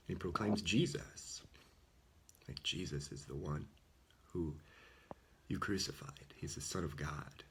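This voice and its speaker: Deep gravelly man, casual preaching. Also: takes it slowly, pauses often, fairly bright tone, a little hiss or hum. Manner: earnest, informal, often drops to a whisper. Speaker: Catholic speaker. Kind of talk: casual sermon.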